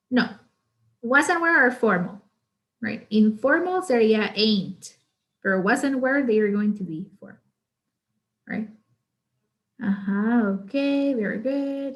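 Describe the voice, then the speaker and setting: Spanish-accented woman teaching English grammar. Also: a little high. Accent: Guatemalan Spanish. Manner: switches between English and Spanish, frequent "right?". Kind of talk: online class lecture.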